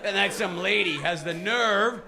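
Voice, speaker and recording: A man's voice: high voice, measured pace, creaky, background noise. A middle-aged man doing a stand-up comedy set on a club stage, talking emphatically and repeating "listen" to hold the crowd. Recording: live club with crowd laughter. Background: audience laughing and reacting.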